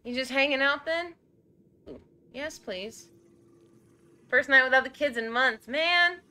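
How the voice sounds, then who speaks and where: A woman's voice: high-pitched, expressive, a little slow, sharp tone. A young woman streaming a game live, nervous and jumpy, swearing and chatting to her viewers.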